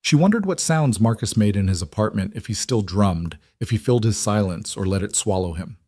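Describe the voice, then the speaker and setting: Low-voiced man narrating a story. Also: expressive, a little fast, warm tone, no echo, clean studio sound.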